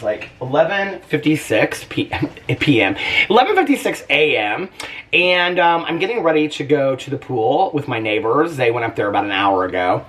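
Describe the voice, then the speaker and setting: A man chats casually to his camera at home, full of fillers and quick laughs. His pitch swoops up and down expressively as he talks. He sits a little away from the microphone, so the sound is slightly distant. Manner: animated, chatty, lots of fillers and laughs. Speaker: vlogger. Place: at home, indoors.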